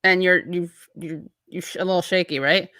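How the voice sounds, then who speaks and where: A woman hosts a relaxed chat show, rambling and cutting herself off as she reads viewer comments aloud. Her voice sits a little low yet comes across bright and forward. The sound is dry and close, with no room echo. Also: moderate pace. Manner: chatty, rambling, breaks off mid-thought. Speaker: show host. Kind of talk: casual livestream chat, reading viewer comments.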